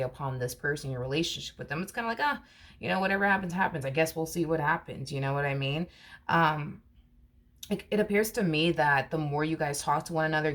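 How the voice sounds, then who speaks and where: A woman's voice: deep voice, a bit bright. A woman giving a casual tarot reading to her viewers, chatty and repetitive, with many fillers. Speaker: tarot reader.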